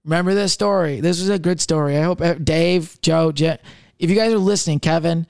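A man's voice: on the high side, fairly quick, a little mellow, clean tone, no room sound, clean studio sound. A young man in casual podcast chat, rambling with lots of fillers and swearing as he tells personal stories. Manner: rambling, profane, filler-heavy.

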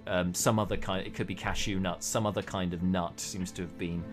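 A man's voice: deep voice, fairly even intonation, fairly quick, faint music behind. A man narrating as game master of a tabletop game, rambling with many hesitations. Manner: rambling, many fillers and restarts.

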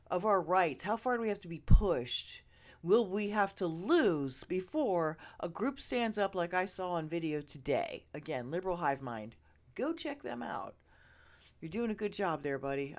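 A woman with a fairly low voice rants at her podcast listeners, her pitch leaping all over the place. She swears freely and jumps between loud outbursts and hushed, confiding asides, as if speaking right into their ears. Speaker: podcast host. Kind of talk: ranting opinion monologue. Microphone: earbud listeners, close mic.

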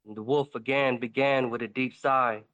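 A man's voice: medium pitch, fairly even intonation, moderate pace, a bit bright. A man narrating a rhymed fable in a dramatic spoken-word style. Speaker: host reading a poem.

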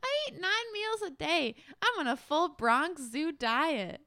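A woman's voice: high voice, very animated, unhurried, pushed and bright, dry recording, studio quality, pitched above the performer's own voice, heavily acted. A woman playing a sulky young actress being sarcastic on a talk show. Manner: sarcastic, giggly.

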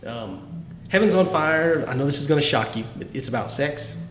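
A man's voice: fairly high pitch, animated, moderate pace. A man on a podcast, talking casually and with enthusiasm about favorite songs, often restarting his sentences. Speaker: podcast host. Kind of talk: casual music chat. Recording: echoey room, faint background noise.

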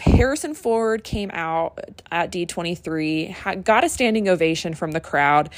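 A young woman hosting a casual solo podcast, gushing and excitable, often restarting her sentences. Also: mid-range voice, dry recording. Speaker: podcast host.

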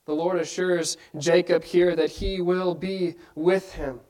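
A man's voice: high-pitched, steady tone, takes it slowly, a little mellow, low-quality recording. A man preaching a sermon in an earnest way, asking his listeners many rhetorical questions.

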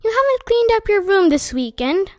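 A woman's voice: very high voice, very animated, normal speed, dry recording, clean studio sound, voice pushed up. A woman doing a stern, scolding mother. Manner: sharp, raised, scolding delivery. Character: stern exasperated mother scolding her children.

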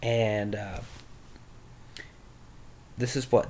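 A man's voice: medium pitch, a little slow, long pauses. A young man candidly telling a personal story, rambling and swearing, as a podcast host. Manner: candid, rambling, with crude language.

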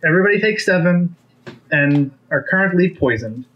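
A man's voice: sits high, animated, moderate pace, muffled recording. A man running a tabletop game as game master, making matter-of-fact rulings.

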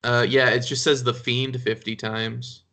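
A man's voice: medium pitch, level tone, unhurried, sharp tone. A man co-hosting a casual podcast, rambling and often breaking into laughter mid-sentence. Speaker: podcast co-host.

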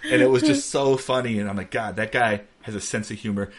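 A man's voice: fairly low pitch, wildly swooping pitch, brisk. A man in his thirties co-hosting a podcast, telling funny stories in casual chat and laughing through the punchlines. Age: 30s. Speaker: podcast co-host.

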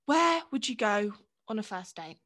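A woman's voice: medium pitch, big pitch swings, moderate pace, a bit bright. A young woman co-hosting a casual chat, teasing and giggly, swearing now and then. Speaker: podcast co-host.

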